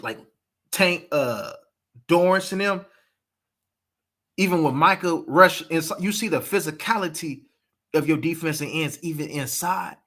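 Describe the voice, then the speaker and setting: Animated man breaking down football. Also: a little high, slightly rough. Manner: animated, emphatic, repeats points. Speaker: sports podcast host. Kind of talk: casual football analysis.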